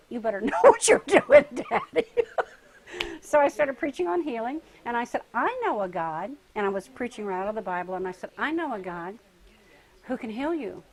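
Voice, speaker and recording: A woman's voice: mid-range voice, poor audio. An older woman telling her life story in a casual interview, laughing often and acting out the voices of people she quotes. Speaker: interviewee, retreat participant.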